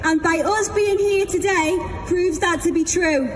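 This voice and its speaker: A woman's voice: extremely high pitch, unhurried. A woman giving a defiant, rousing speech at an outdoor rally. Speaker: protest speaker. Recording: roomy PA sound with crowd noise. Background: crowd and noise.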